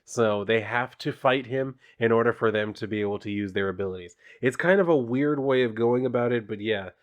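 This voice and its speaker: A man's voice: medium pitch, brisk, lo-fi sound. A man casually recapping a comic book issue in a loose, rambling way, with fillers and the odd swear word.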